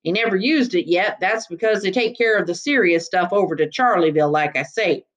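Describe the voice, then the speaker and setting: A woman's voice: mid-range voice, brisk, lightly acted. A woman voicing a chatty, folksy small-town male constable with a rural drawl.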